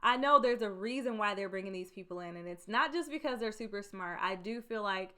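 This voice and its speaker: A woman in her thirties giving casual, emphatic career advice to her viewers, repeating her key points, with a soft voice that she says can sound meek. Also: medium pitch, animated, fairly quick. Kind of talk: casual advice talk to camera.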